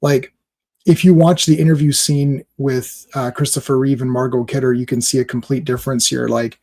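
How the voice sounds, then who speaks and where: A man's voice: medium pitch, little pitch movement, normal speed, a little mellow. A man giving casual reaction commentary on a movie trailer, rambling and exasperated with lots of fillers.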